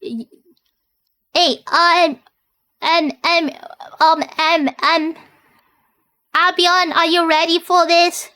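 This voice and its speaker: A woman's voice: very high voice, level tone, drawn-out words, long pauses, bright, forceful tone. A woman streaming live, talking casually in a goofy way, stalling with fillers and repeats.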